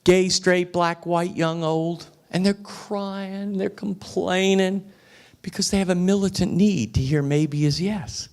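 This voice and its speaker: A man's voice: sits high, steady tone, slow, darkish tone, clean tone. A man giving a motivational speech at a restaurant luncheon, emphatic and repeating phrases for effect. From United States. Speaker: guest speaker. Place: restaurant event room.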